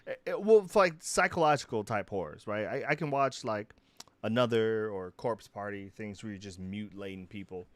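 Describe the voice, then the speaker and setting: A man's voice: lowish voice, normal speed, no room sound. Young man, rambling casual chat. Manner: rambling, animated retellings with acted-out quotes. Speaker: podcast co-host.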